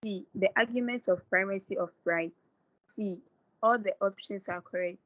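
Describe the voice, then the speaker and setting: A woman's voice: medium pitch, moderate pace, fairly bright tone, dry recording, highs cut off. A woman student in an online class reading quiz questions aloud, going through the options letter by letter with small hesitations. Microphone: video call.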